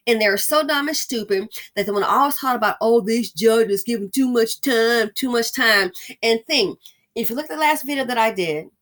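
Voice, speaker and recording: A woman's voice: on the high side, sharp tone. A woman hosting her own commentary channel, ranting in a sarcastic, scolding and emphatic way.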